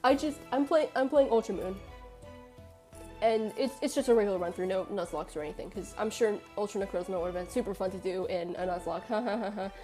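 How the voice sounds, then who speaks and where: A woman streaming a live game reaction, ranting excitably with laughs and swearing. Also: medium pitch, fairly quick, faint music behind.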